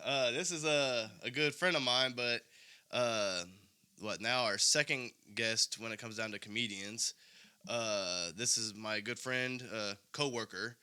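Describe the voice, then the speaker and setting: A man's voice: medium pitch, measured pace, clear, resonant tone. A man co-hosting a podcast, chatting casually and telling stories with swearing. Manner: relaxed, swearing, lively storytelling. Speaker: podcast co-host.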